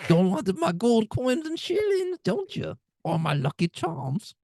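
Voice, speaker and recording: A man doing a squeaky slow leprechaun. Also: huge pitch swings, a little mellow, dry recording, clean studio sound, heavily acted. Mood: teasing. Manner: slow, sing-song, high put-on voice. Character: mischievous male leprechaun guarding his gold.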